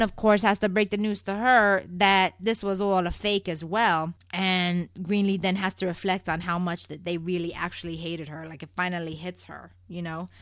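A woman's voice: on the low side, a bit bright, dry recording, studio quality. A woman from Puerto Rico chatting in a sassy, gossipy way as she recaps a soap opera, calling her viewers "people". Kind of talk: casual chat.

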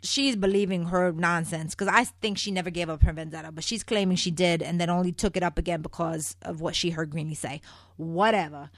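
A woman's voice: on the low side, fairly even intonation, brisk, no room sound, studio quality. A woman from Puerto Rico chatting in a sassy, gossipy way as she recaps a soap opera, calling her viewers "people". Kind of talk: casual chat.

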